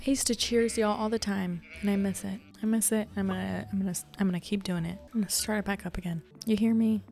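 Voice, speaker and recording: A woman's voice: mid-range voice, fairly quick, hardly any pauses, a little mellow, soft background music. A young woman chatting casually as a gaming content creator. She rambles and talks to herself while she plays a farming game.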